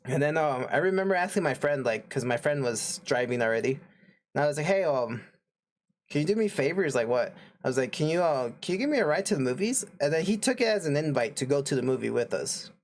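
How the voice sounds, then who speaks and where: A man's voice: on the high side, expressive, fast talker. A young man casually telling a story on a podcast, rambling with lots of fillers and laughing often. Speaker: podcast co-host.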